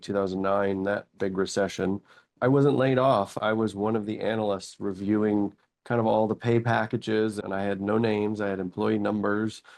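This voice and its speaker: A man in his forties, a company chief executive, telling his story in a casual interview with lively anecdotes and quoted thoughts. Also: fairly low pitch, creaky. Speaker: company CEO, guest.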